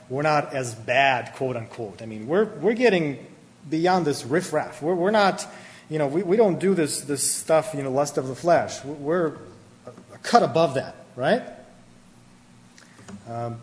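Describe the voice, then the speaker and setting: A man preaching a sermon, animated and emphatic, often restarting his words. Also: mid-range voice. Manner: animated, rising to emphatic peaks, with many restarts. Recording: hall reverb with faint ambient noise.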